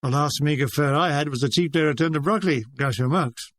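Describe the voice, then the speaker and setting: Wry high-voiced older man narrating. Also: brisk, no echo. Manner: wry, deadpan comic delivery. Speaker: author reading his memoir. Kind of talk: audiobook narration.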